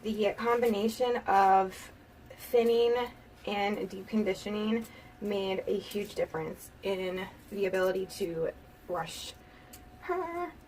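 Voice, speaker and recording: A woman's voice: mid-range voice, lively intonation, takes it slowly, darkish tone. A woman vlogger giving a casual hair tutorial, chatty and giggly, saying "like" often. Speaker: beauty vlogger. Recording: distant mic with clear background noise.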